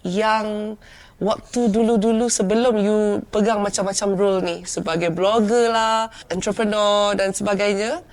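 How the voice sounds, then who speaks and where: A woman's voice: medium pitch, fairly even intonation, normal speed. A woman host with a Malaysian accent, interviewing a guest and switching between Malay and English, with many "yeah"s. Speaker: talk show host. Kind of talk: friendly interview chat.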